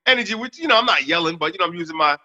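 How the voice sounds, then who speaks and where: A man's voice: animated, racing, pushed and bright, long reverb tail, muffled recording. A young man from the US Northeast, cohosting a podcast in casual chat, telling a story with plenty of laughs and swearing. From Northeast United States. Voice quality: baritone.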